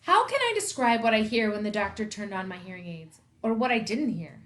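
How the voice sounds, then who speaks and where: A woman's voice: medium pitch, a little fast. Woman principal reading a novel aloud. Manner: first-person storytelling, expressive. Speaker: school principal.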